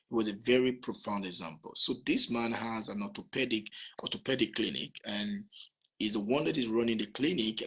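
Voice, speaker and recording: A man's voice: medium pitch, vocal fry, sharp tone, husky. A man giving a motivational lecture, repeating phrases and asking rhetorical questions. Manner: repetitive, asks rhetorical questions. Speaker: motivational speaker.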